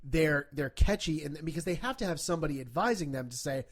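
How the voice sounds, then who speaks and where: A man with a Rhode Island accent chats easily as a podcast guest. His voice is fairly high for a man, and he lets his stories ramble along. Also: animated, fast talker. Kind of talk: casual chat.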